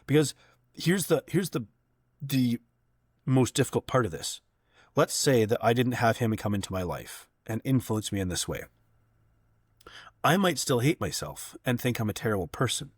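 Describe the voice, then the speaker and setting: Guy coaching in an interview, calm mid voice, checks in w "right?" a lot, dry close mic. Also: medium pitch, normal speed, husky, no echo. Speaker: coach, podcast guest. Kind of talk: explanatory interview talk.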